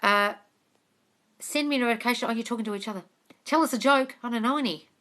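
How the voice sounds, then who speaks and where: A woman's voice: fairly high pitch, fast, sharp tone. An Australian woman answering questions on a live stream as a manifestation coach, chatty and casually swearing, calling her listeners darling.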